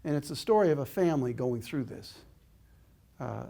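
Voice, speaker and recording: A man's voice: mid-range voice, expressive, moderate pace, vocal fry, mellow. An older man giving an inspirational talk, telling a personal story in an earnest, reflective way. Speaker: inspirational speaker.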